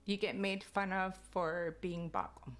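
A woman's voice: on the low side, a little slow. A young woman from Alert Bay with a Kwakwala-influenced English accent, telling stories casually and laughing often. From Alert Bay, Canada. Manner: laughing, animated retellings with filler words. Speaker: interviewee, Kwakwala speaker. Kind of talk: casual storytelling interview.

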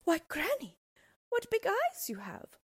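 A woman's voice: huge pitch swings, unhurried, exaggerated voice. Little Red Riding Hood, as a woman puts her on. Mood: wondering. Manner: high, eager exclamations. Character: little girl, sweet, curious, wide-eyed.

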